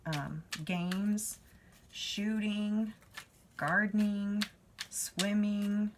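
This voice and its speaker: A woman's voice: mid-range voice, fairly even intonation, extremely slow, background noise. A woman giving a spiritual card reading, talking to the viewer in a chatty, reassuring way. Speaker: tarot reader.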